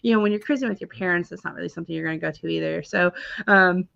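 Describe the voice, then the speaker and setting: A woman co-hosting a casual live chat, speaking in a relaxed, hesitant way. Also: lowish voice, racing, vocal fry, no room sound, lo-fi sound. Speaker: podcast co-host.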